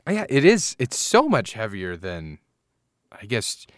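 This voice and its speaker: A man's voice: lowish voice, wildly swooping pitch, measured pace, no room sound. A man co-hosting a casual beer-tasting podcast, joking, rambling and laughing often. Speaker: podcast co-host. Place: indoor recording studio.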